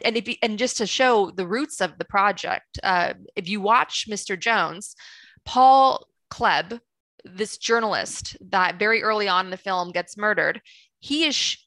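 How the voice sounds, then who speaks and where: Bright-voiced woman telling a passionate story. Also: mid-range voice, measured pace, no room sound, low-quality recording. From United States. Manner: passionate, storytelling with many restarts. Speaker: screenwriter. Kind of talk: webinar talk. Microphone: video call.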